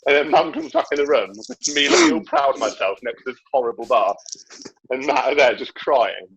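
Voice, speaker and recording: A man's voice: medium pitch, wildly swooping pitch, brisk, vocal fry, a bit bright, breathy edge. A young man telling a childhood story in casual chat, laughing often and acting out the voices. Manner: chatty, laughs often, acts out quoted voices. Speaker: podcast guest. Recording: dull lo-fi sound.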